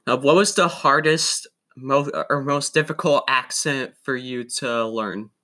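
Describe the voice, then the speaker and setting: A man hosting a podcast, asking questions in a halting, casual way. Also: mid-range voice, bright, forceful tone. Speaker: podcast host, interviewer.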